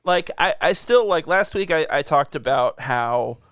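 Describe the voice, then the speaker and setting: A man's voice: a little high, animated, measured pace, a bit bright, dry recording, clean studio sound. A young man co-hosting a podcast, chatting casually in a laid-back, rambling way with chuckles. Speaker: podcast co-host. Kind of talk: casual chat.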